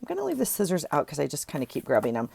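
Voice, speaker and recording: Low gravelly-voiced woman chatting casually. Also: huge pitch swings, rapid-fire, dark tone, dry recording. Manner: rambling, chatty, self-correcting. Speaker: vlogger. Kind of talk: casual chat while tidying a desk.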